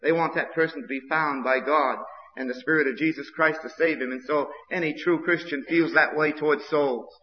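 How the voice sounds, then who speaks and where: A fairly high-voiced man preaches a sermon, repeating phrases and building to fervent outbursts. The old recording sounds dull and muffled, with a long reverb trailing through a church hall. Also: steady tone, normal speed. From Maine, USA. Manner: repetitive, impassioned preaching with rising outbursts.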